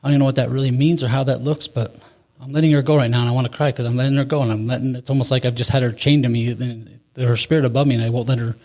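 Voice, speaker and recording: A man's voice: mid-range voice, flat delivery, rapid-fire, darkish tone. A man in his forties, an interview guest, telling a candid recovery story in a rambling way with restarts and nervous laughs.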